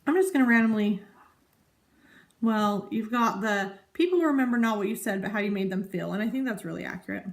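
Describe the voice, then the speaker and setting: A woman's voice: medium pitch, expressive, fairly quick. A woman in her thirties chatting casually to camera as a vlogger, rambling and easily sidetracked. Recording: echoey room.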